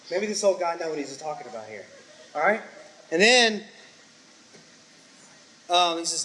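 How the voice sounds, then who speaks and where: A man's voice: sits high, lively intonation, a little fast, long pauses, sharp tone. A male pastor preaching a sermon, telling a story with acted-out quotes and punchy sound effects.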